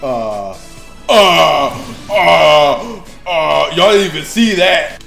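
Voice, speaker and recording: A man giving excited gameplay commentary as a YouTuber, trash-talking and swearing, dropping to mutters and then bursting into shouts. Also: fairly high pitch, drawn-out words, creaky, roomy sound, soft background music. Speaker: gaming YouTuber.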